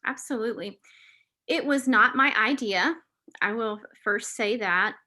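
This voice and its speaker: Bright-voiced woman, emotional testimony. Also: a little high, a little slow. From Southern United States. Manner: earnest, emotional, confessional. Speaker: author and podcast host. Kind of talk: interview guest telling a personal testimony.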